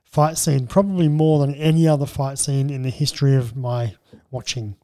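A man co-hosting a casual film chat, relaxed and bantering. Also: medium pitch, moderate pace, no room sound. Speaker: podcast co-host.

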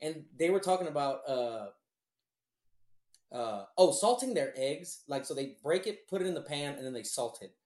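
A man, chatting casually and crudely, animated and laughing often. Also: on the high side, normal speed, reverberant.

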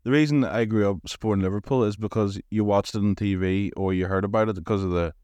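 A man's voice: on the low side, fast, darkish tone, clean tone, dry recording. A man, co-hosting a podcast, asking probing questions and making his own points. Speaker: podcast co-host. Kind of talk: casual chat.

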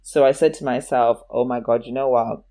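A woman chatting casually, telling a childhood story. She slips into the voices of the people in her tale and often breaks into laughter. Her delivery is lively and expressive. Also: rumbling low, brisk.

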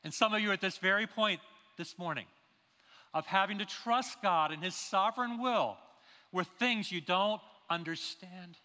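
A man's voice: high voice, normal speed, sharp tone. A man preaching a sermon in a church, stressing his points with rhetorical questions. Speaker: pastor. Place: church sanctuary. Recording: long reverb of a large hall.

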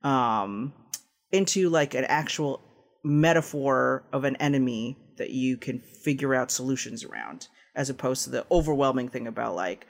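A man with a gravelly, creaky edge to his voice, chatting loosely as a podcast guest. His talk is full of "like" and "um", and he breaks into easy laughter. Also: mid-range voice, moderate pace. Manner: rambling, peppered with "like" and "um", laughs often. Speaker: guest, tabletop game designer. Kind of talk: casual podcast interview.

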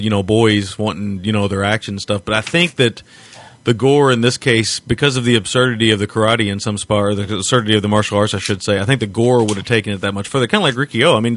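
A podcast co-host chats loosely about a movie, laughing often and rambling in a joking way. His voice sits on the low side and is a bit bright, with no room sound.

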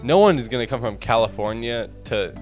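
A man's voice: medium pitch, expressive, brisk, faint music behind. A teenage boy from Michigan co-hosting a casual podcast, laid-back, trailing off and saying "like" a lot. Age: teens. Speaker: co-host.

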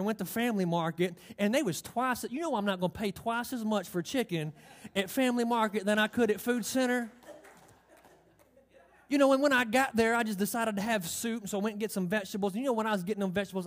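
A man's voice: high-pitched, fast talker, close to an everyday voice. A man playing a chattering wife who rambles through a long story about her day. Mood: rambling. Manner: rambling, breathless, run-on storytelling.

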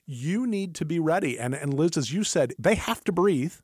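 A man's voice: a little high, normal speed, no room sound, clean studio sound. A man co-hosting a workplace advice podcast, talking in a casual, coaching way. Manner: animated, coaching, lively emphasis.

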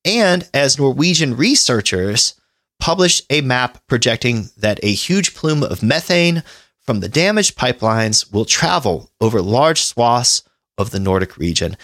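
A man's voice: medium pitch, very animated, unhurried, fairly bright tone, no room sound, studio quality. A man hosting a podcast, reading news aloud in casual chat and riffing irreverently with swearing and laughter. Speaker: podcast host.

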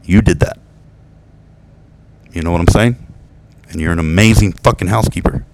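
A man's voice: deep voice, moderate pace, noisy background. A man talking straight to the camera in a rambling, profane monologue, swearing often and laughing at his own jokes. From United States. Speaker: vlogger venting about exes.

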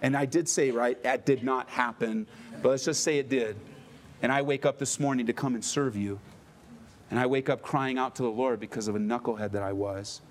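A man's voice: medium pitch, a little fast. A middle-aged male pastor preaching a sermon with emphatic delivery and playful asides.

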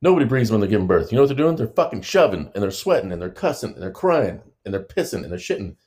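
Blunt, foul-mouthed man with a very low voice. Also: big pitch swings, fast, a little mellow. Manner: blunt, profane, joking. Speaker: podcast co-host, husband. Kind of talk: casual chat.

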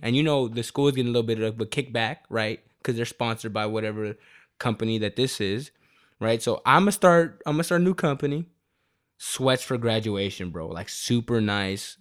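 A man in his twenties talking in casual chat, telling stories in an animated, profane and slangy way. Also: medium pitch.

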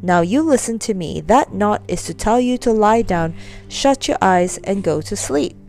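A woman voicing a brisk, practical wife who scolds her husband sharply. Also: mid-range voice, lively intonation, darkish tone, close to an everyday voice. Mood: teasing.

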